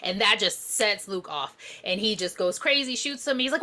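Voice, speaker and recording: A woman co-host throws blunt, joking asides into a movie review. Her voice is fairly high, swings widely in pitch, and sounds bright. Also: lively intonation, normal speed, hardly any pauses. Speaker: podcast co-host. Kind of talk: casual movie review chat.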